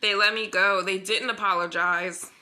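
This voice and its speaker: A woman's voice: medium pitch, normal speed. A young woman telling a personal story in a vlog, acting out the dialogue and using lots of fillers. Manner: animated retelling, acts out dialogue, filler-heavy.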